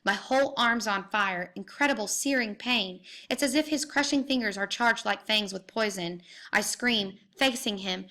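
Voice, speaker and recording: A woman reading a literary novel aloud in the first person, intense and dramatic, at times dropping to hushed tones. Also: medium pitch, normal speed, few pauses. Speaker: audiobook reader.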